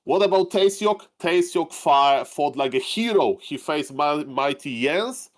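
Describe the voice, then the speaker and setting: A man co-casting a live esports stream, recapping matches in an animated, enthusiastic way. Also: a little high, measured pace. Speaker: esports caster.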